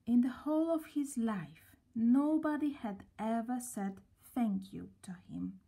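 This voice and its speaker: A woman reading a children's story aloud, gently and at a slow, storybook pace. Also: a little high, creaky, slightly rough.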